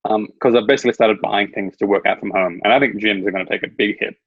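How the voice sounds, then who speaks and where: A man's voice: lowish voice, fairly even intonation, fast, gravelly, breathy edge, no room sound, narrow, tinny audio. A man chatting casually as a guest over a video call, rambling through stories and laughing at his own anecdotes. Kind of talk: casual chat.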